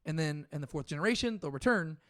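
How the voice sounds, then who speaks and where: A man's voice: a little high, expressive, fast talker, fairly bright tone, dry recording, clean studio sound. Chatty man with a light, slightly raised voice. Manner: thinks aloud with many fillers and restarts. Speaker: podcast co-host. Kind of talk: casual Bible discussion.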